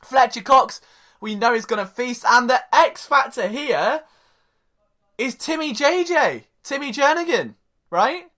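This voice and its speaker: A man's voice: very high voice, lively intonation, a little slow, sharp tone. A young man hosting a sports podcast, talking casually in a jokey, rambling way and interrupting himself. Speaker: podcast host.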